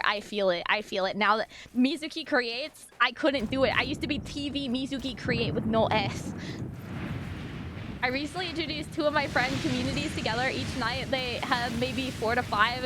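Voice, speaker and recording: A woman streaming as a VTuber, chatting casually and reading her chat aloud, bubbly and excitable, often laughing and close to tears. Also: high voice, normal speed, a little hiss or hum. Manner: emotional, on the verge of tears.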